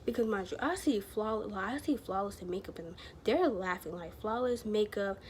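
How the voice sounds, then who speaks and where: A woman of middle pitch talks straight to her camera at home, rambling through a story in a loose, chatty way. She piles on fillers and slang as she goes, over a faint hiss of room noise. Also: brisk. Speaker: vlogger.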